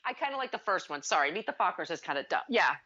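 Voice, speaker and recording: A woman's voice: lowish voice, fast. A woman in her forties, co-hosting a podcast in casual chat, telling stories with swearing and rising indignation. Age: 40s. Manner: animated storyteller, swears freely when ranting. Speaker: podcast co-host. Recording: dull lo-fi sound.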